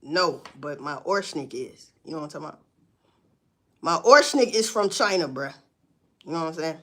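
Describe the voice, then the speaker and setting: On a live stream, a woman talks straight to her viewers in a blunt, profane, casual way. Her pitch swings widely and she jumps up into loud, emphatic outbursts. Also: expressive, normal speed. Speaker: livestream host. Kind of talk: casual livestream chat to viewers.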